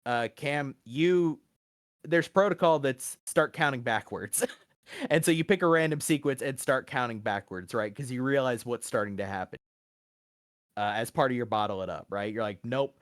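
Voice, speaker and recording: A man narrating as game master, relaxed, with frequent fillers and easy laughs. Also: medium pitch, moderate pace, no room sound, studio quality.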